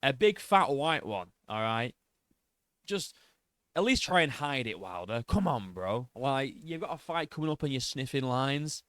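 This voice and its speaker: A man's voice: mid-range voice, very animated, measured pace, fairly bright tone, dry recording, clean studio sound. A man giving a mocking, profanity-laced reaction commentary on a video clip. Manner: mocking, sarcastic, swears freely, laughs at the clip.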